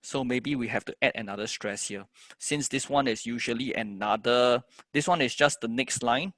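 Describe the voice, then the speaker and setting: A man's voice: medium pitch, normal speed, a bit bright, no echo. A man teaching a music composition lesson, explaining step by step and chanting the words of a poem in rhythm.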